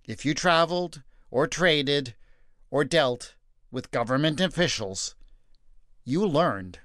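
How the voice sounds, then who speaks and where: A man reading scripture aloud and reflecting on it as a podcast host, with a measured, deliberate delivery. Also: on the high side, animated, a bit bright, dry recording, clean studio sound.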